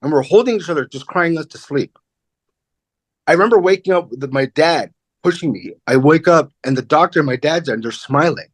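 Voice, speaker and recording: A middle-aged man, a comedian guest, telling a personal story in a candid, animated way and acting out the voices of the people in it. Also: fairly high pitch, fairly quick, dry recording. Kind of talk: casual interview storytelling.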